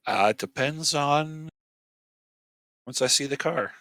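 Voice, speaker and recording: A man's voice: on the high side, slow pace, bright, forceful tone, dry recording. A man playing a tabletop game, hesitant as he plans aloud. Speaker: player.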